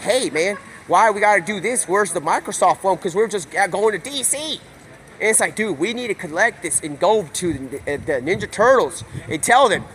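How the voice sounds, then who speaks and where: Excitable high-voiced man rambling a story. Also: a little hiss or hum. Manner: excitable, rapid stream of consciousness with quick voices for characters. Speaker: streamer.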